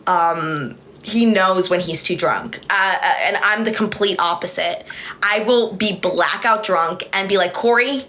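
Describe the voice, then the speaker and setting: A woman's voice: fairly low pitch, measured pace, bright, forceful tone, a little hiss or hum. A woman hosting a livestream in a loose, rambling way. She tells stories, gets distracted and laughs often while she talks. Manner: rambling, chatty, easily distracted. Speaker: livestream host. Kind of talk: casual livestream chat and storytelling.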